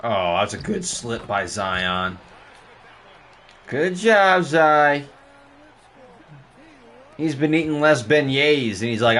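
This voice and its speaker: An excitable young man talks over his basketball video game live, trash-talking the opponents and yelping when plays go wrong. His pitch swings widely and his voice sits in a middle register. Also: slow pace, pauses often, a little hiss or hum. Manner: excitable, trash-talking, jumps into high yelps. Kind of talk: live gameplay commentary.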